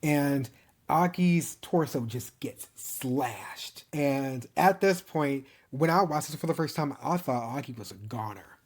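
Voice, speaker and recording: A man walks through an anime season in a relaxed, conversational recap. He tells it like a story and breaks into chuckles along the way. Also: medium pitch, takes it slowly. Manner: animated storytelling, chuckles often, mimics characters' lines. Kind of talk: casual anime series recap.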